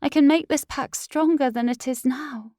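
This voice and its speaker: A woman's voice: sits high, moderate pace, warm tone, dry recording, clean studio sound, pitched above the performer's own voice, lightly acted. A woman voicing a desperate young werewolf girl, pleading and tearful, in an audiobook. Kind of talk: audiobook character voice.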